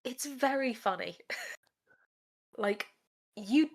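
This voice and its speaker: A woman's voice: a little high, lively intonation, slow. A woman co-hosting a podcast, chatting animatedly in a casual review of a TV episode. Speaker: podcast co-host. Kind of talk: casual discursive review chat.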